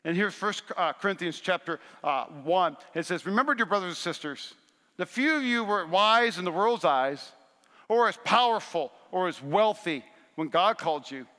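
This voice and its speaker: A man's voice: high-pitched, lively intonation, normal speed, sharp tone. A male pastor preaching a sermon, calling out to the congregation for responses and rising in bursts of intensity. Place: large church sanctuary. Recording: long church hall reverb.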